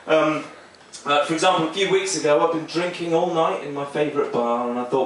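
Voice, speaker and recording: A man performs a rambling, self-deprecating stand-up set with a deadpan touch. His voice sits slightly high and reaches the mic from some distance. Heavy echo and steady noise fill the small club. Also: fairly quick. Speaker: stand-up comedian. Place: small comedy club stage. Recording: echoey club, mic heard from far, noisy.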